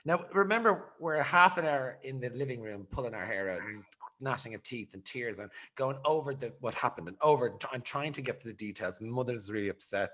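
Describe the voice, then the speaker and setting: A man, hosting a podcast and telling a rambling, animated story in casual chat. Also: medium pitch, moderate pace. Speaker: podcast host.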